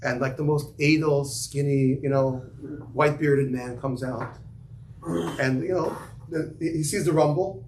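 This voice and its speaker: A man leads a relaxed Torah class and tells stories loosely, with many asides and Yiddish and Hebrew terms. The room is echoey, and a faint hum of ambient noise sits under his voice. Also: fairly high pitch, measured pace. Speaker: yeshiva teacher giving a class. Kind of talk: casual Torah class with students.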